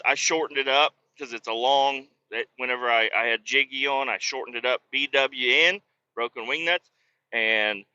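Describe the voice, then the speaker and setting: A man hosting a casual solo podcast from a moving vehicle, rambling and joking with bursts of shouting. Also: mid-range voice, clean tone, no echo, highs cut off. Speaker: podcast host. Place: moving vehicle on a bumpy road.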